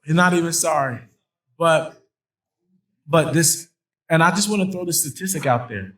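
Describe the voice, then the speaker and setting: A man's voice: a little high, normal speed, a bit bright, poor audio. A man hosting a conference, speaking emphatically in a preaching style and repeating phrases for stress, with playful asides. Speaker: host introducing a guest speaker. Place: conference hall with an audience.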